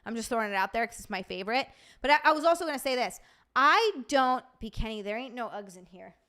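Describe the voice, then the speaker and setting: A woman hosting a casual livestream, chatting with viewers and reacting to their comments in an animated, swearing, joking way. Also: fairly high pitch, fast. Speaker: streamer host.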